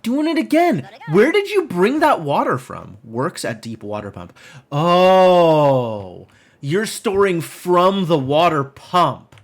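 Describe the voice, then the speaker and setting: A man's voice: a little high, wildly swooping pitch, unhurried, few pauses, fairly bright tone, breathy edge. A man streaming a game live, thinking aloud in casual, rambling commentary full of "like" and puzzled questions to himself.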